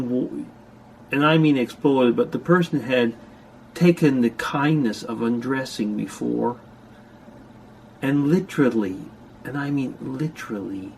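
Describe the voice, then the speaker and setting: A man's voice: mid-range voice, vocal fry, darkish tone. An older man chatting casually to camera from a room at home, rambling with dry asides. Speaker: vlogger. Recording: faint scanner hum behind. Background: slide scanner noise.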